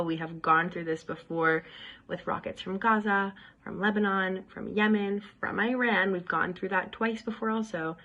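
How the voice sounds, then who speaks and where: A woman in her thirties, speaking to the camera about her own experience in an earnest, steady way. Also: on the low side, gravelly, low-quality recording. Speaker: staff member sharing her experience. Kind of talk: direct-to-camera personal account.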